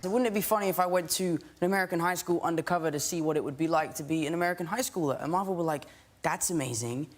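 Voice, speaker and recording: A man's voice: a little high, racing, few pauses. A young man from England, an actor in interviews, telling anecdotes and acting out what others said. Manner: animated storyteller, acts out others' lines with laughs.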